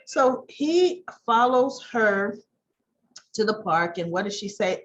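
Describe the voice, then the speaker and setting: A woman casually recapping a soap opera, chatty and animated, who keeps clearing her throat. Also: on the high side, slow pace, highs cut off, faint music behind. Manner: chatty, animated storytelling with rhetorical questions.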